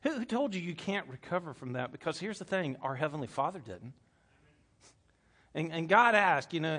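A man with a bright, forceful, rather high voice preaches a sermon to a room full of people. He talks like he is chatting with them, often repeating words as he goes. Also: sing-song, moderate pace. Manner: conversational preaching with stammered repeats and laughter. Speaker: pastor. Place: room with a congregation.

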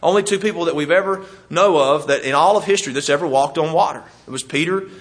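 A man's voice: fairly high pitch, fast talker. A man preaching a sermon in a folksy, conversational way, chuckling as he teaches.

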